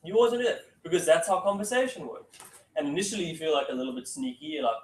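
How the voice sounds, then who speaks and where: A man gives a casual sales training talk to a room, speaking very fast in a very animated, high-side voice. He keeps saying "okay" and acts out phone calls, captured in an echoey room by a distant mic.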